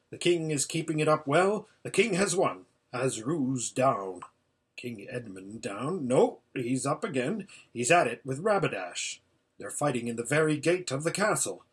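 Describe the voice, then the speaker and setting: A man's voice: mid-range voice, breathy edge. A man reading as an old hermit calling out a battle.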